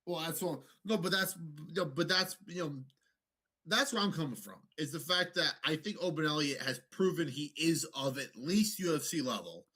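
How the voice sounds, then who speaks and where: A man co-hosting a podcast, chatting about fights in an animated, profane way and slipping into mock voices. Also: on the high side, moderate pace. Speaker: podcast co-host. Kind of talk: casual sports banter.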